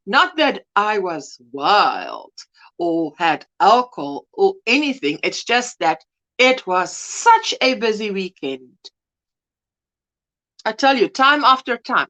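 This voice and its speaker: A middle-aged American woman hosts a casual livestream from home, chatting, reading comments and greeting viewers by name. Her mid-range voice is slow, pushed and bright, with wildly swooping pitch. The recording is muffled, made by an open window with a breeze blowing.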